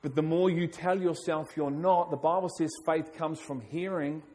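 A man's voice: a little high, fairly even intonation, moderate pace, a little mellow. A middle-aged male pastor preaching a sermon, stressing his points by repeating key phrases.

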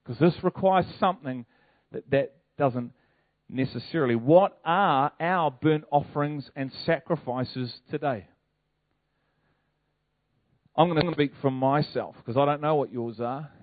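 Higher-voiced New pastor, tinny. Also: male voice, measured pace. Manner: animated, conversational preaching with rhetorical questions. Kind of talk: sermon. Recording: tinny phone-like, dry sound.

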